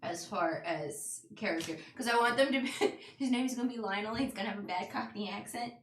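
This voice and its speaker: A woman's voice: mid-range voice, a little fast, a little hiss or hum. A woman player chatting playfully about her character, often giggling. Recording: roomy echo.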